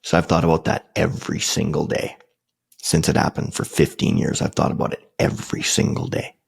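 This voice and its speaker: This middle-aged podcast host has a bass voice that's gravelly and husky, and he keeps a level tone at a brisk pace. He tells a personal story casually and rambles, full of fillers and restarts.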